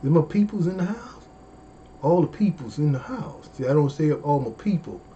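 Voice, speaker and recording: Man, comedy stream host, drawn-out exclamations, dull lo-fi audio, faint background noise. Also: a little high. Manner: animated, folksy, drawn-out exclamations. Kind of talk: casual livestream chat.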